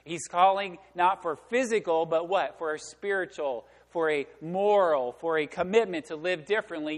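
High-voiced preacher in a reverberant church. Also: male voice. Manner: preaching with rhetorical questions, swinging from loud emphasis to hushed. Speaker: pastor. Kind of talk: sermon. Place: church sanctuary.

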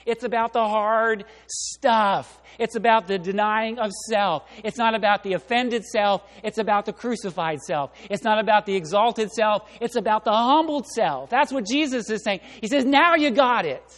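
A man with a high voice preaches to his congregation. He is animated and talks to the room directly, acting out the people he quotes. His voice carries a long reverb, as in a large church sanctuary. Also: normal speed, few pauses. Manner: animated, acts out voices and quotes, laughs along. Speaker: pastor. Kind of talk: sermon.

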